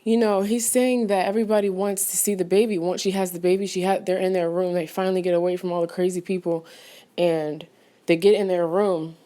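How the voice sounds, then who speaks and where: A woman's voice: fairly low pitch, flat delivery, fairly quick, warm tone. A woman giving a casual, rambling spoken film review as a vlogger, full of fillers and restarts and sudden outraged exclamations, pacing back and forth as she talks. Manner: paces back and forth while talking.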